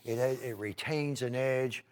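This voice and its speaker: A man's voice: mid-range voice, slow pace. A man hosting a home-shopping knife sale, folksy and rambling, with many "uh"s and restarts. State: clearing his throat now and then. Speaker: TV shopping host selling knives. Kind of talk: live home-shopping sales pitch.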